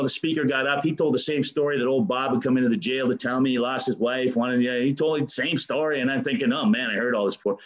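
A middle-aged man giving a lively recovery talk, acting out the dialogue as he tells his story. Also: mid-range voice, low-quality recording. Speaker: speaker sharing recovery story.

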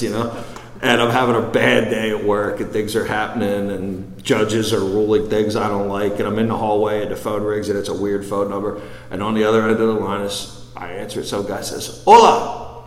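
A man sharing a personal recovery story with a group, rambling, full of quick asides. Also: fairly low pitch. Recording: echoey hall.

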